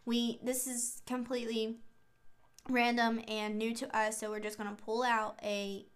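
A woman's voice: a little high, flat delivery, measured pace. A woman co-hosting a casual couple's chat, talking in a chatty, giggly, playful way. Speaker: co-host.

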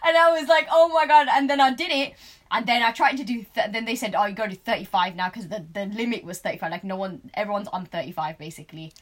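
Animated woman telling stories. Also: mid-range voice, quick pace. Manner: animated storytelling, laughs a lot, gets loud when excited. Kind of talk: casual chat.

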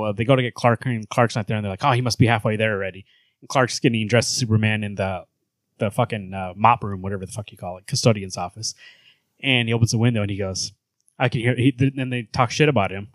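A man's voice: fairly low pitch, fairly even intonation, a little fast, no room sound. A man co-hosting a casual comic book podcast, swearing freely and acting out lines from the comic. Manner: profane, reads and acts out comic dialogue. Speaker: podcast co-host.

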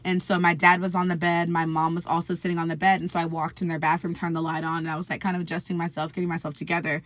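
A young woman in her twenties with a slightly low voice, sitting in as an interview guest. She talks in a loose, chatty way, with lots of fillers, and acts out what other people said. The sound is dry and close. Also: little pitch movement, rapid-fire, dry recording. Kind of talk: casual conversational storytelling.

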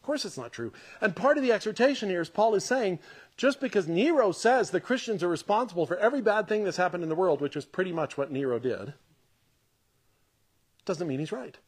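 Guy preaching on a podcast, chatty and emphatic, voice on the higher side, swings up and down a lot. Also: animated, fairly quick, husky. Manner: conversational, emphatic, laughs often. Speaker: pastor. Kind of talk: podcast sermon.

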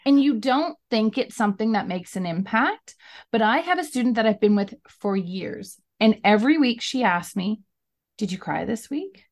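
A woman's voice: fairly high pitch, animated, moderate pace. A woman hosting a podcast interview, chatting and telling anecdotes, acting out small back-and-forth exchanges as she goes. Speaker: podcast host and tutor.

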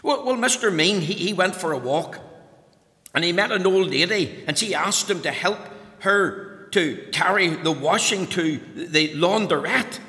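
A man tells a children's story in a lively way, asking the boys and girls questions as he goes. His voice is high and bright. It carries a long reverb, as if in a large hall. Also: unhurried. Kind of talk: telling a children's story aloud.

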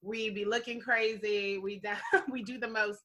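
Bright-voiced laughing woman co-host. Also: mid-range voice, normal speed. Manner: loud, laughing, animated storytelling. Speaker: podcast co-host. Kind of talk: casual chat.

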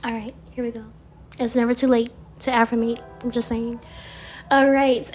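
A woman's voice: on the high side, soft background music. A woman casually chatting as she reads affirmation cards, laid-back, laughing often and throwing in slangy asides. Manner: reads cards slowly and deliberately. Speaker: vlogger reading affirmation cards. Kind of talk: casual chat.

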